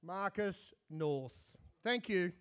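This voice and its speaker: High-pitched Australian man telling yarns. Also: expressive, very slow, fairly bright tone, smooth. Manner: dry self-mocking storyteller. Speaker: after-dinner speaker. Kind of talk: comic after-dinner storytelling.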